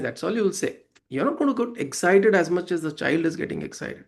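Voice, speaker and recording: A man's voice: high-pitched, sing-song, brisk, creaky. A man giving a devotional talk that explains verses to listeners, conversational and often checking in with "right?". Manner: conversational, acts out quoted voices, asks listeners "right?". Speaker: spiritual teacher.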